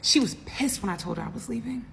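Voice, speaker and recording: A woman telling a comedic story time, animated and dramatic, with frequent asides to the audience. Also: fairly high pitch, fast talker, vocal fry, a little hiss or hum. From US East Coast.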